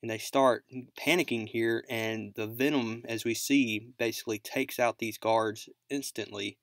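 A man's voice: medium pitch, steady tone, unhurried, no room sound. Man casually recapping a comic, dry close sound. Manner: rambling, leans on "basically" and "like". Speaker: comic book recap host.

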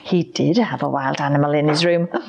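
A librarian reading a storybook aloud to children, expressive and clear. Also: female voice, low-pitched, fairly quick, highs cut off.

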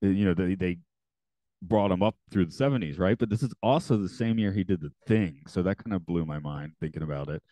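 A man co-hosting a podcast, chatting casually and halting with frequent restarts. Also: low voice, mellow, no echo. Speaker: podcast co-host. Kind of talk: casual chat.

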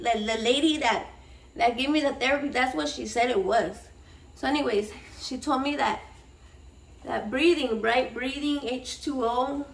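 A woman's voice: a little high, gravelly. A woman, hosting a cooking vlog in a casual, rambling, swear-heavy chat. She mixes Spanish slang into her English and sounds a little shaky and nervous. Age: 30s. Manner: profane, excitable, switching between English and Spanish slang. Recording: voice a bit far from the mic.

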